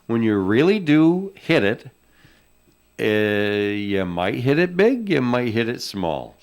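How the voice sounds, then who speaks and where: A man on a radio talk panel, explaining things in a measured, casual way. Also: medium pitch, very animated. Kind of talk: casual on-air chat.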